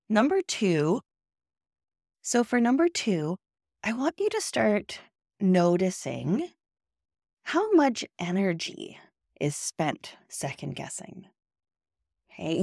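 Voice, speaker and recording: A woman's voice: deep voice, a little mellow, dry recording, clean studio sound. A woman giving a career coaching talk, earnest and repetitive, often checking in with "okay?" and "right?".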